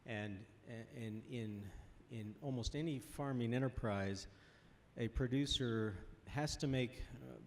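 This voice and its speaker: A man speaking on a workshop panel, out of breath and halting, with many restarts. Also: medium pitch, slight background noise. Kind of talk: panel discussion.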